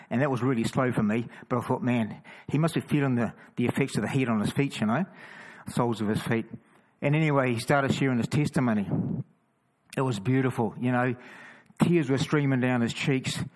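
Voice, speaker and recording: New Zealand man telling lively road stories. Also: medium pitch, poor audio. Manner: lively, stumbling restarts, chatty asides. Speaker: cross-carrying Christian walker. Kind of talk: casual storytelling testimony.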